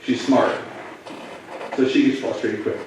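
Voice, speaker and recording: Male police officer, mid-pitched, halting and emotional storyteller, picked up from across a big echoey room. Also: steady tone, a little mellow, recorded from a distance, a little hiss or hum. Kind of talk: personal story told to students.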